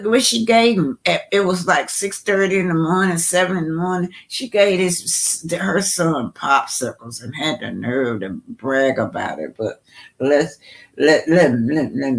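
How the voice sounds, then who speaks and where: A man's voice: mid-range voice, gravelly. A man hosting reaction commentary, emphatic and heated, often repeating himself and stumbling over words. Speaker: commentary host. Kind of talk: reaction commentary on video clips.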